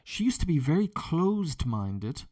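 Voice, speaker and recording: A man's voice: fairly high pitch, big pitch swings, a little slow, a little mellow. A man teaching an English lesson, explaining vocabulary with example sentences in a chatty way. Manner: chatty, with frequent fillers and restarts.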